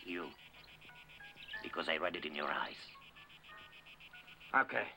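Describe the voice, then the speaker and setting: An actor playing a cheerful, persistent suitor who coaxes a widow, in a dubbed film. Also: male voice, extremely low pitch, very animated, slow pace, gravelly, over music, exaggerated voice. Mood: coaxing. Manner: coaxing, wheedling. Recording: noisy film soundtrack.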